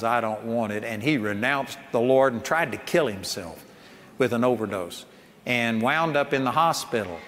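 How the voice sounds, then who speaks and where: A man's voice: mid-range voice, a bit bright. An older man preaching a sermon in an emphatic, folksy way, often laughing as he talks. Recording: long hall reverb, faint ambient noise.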